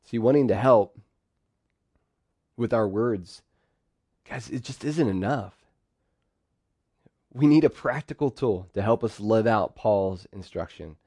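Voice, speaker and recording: A man preaching a sermon, lively, acting out quoted phrases in sudden bursts. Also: on the low side, slow pace, pauses often, dry recording, studio quality. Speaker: pastor.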